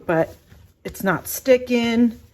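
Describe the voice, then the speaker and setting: A middle-aged woman with a fairly high, slightly mellow voice talks slowly and casually as she demonstrates baking at home. Her speech wanders with fillers and restarts, and it shakes a little as she kneads.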